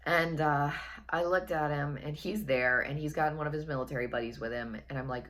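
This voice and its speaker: Very deep-voiced woman telling a story. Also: a little fast, a bit bright. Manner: chatty, wry, repeats phrases for effect. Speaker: storytelling vlogger. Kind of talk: casual personal storytelling.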